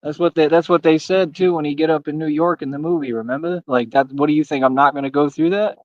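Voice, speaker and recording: Man, somewhat high voice, slangy direct-address stream rant, dry muffled lo-fi sound. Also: steady tone, fast talker, no echo. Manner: street slang, repetitive, talks straight to viewers. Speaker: livestream host. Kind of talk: casual livestream rant.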